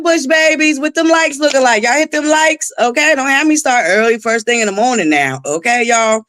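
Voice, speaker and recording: A woman's voice: high voice, moderate pace, fairly bright tone, dry recording. A woman hosting a casual livestream who greets chatters by name, laughs often and swears freely. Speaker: livestream host.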